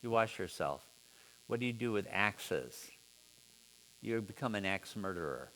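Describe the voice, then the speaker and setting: A man teaching a relaxed seminar at an unhurried pace, with a voice that sits on the low side. He muses aloud and keeps stopping to ask his class questions, and a faint hum runs underneath. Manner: relaxed, musing, asks students questions. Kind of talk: informal literature seminar.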